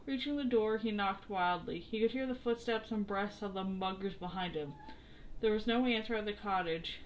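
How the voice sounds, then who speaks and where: A woman reads a children's story aloud in a steady, expressive narrating voice. Her pitch sits in a middle range. A faint hiss runs beneath the recording. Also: moderate pace, highs cut off. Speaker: storybook reader.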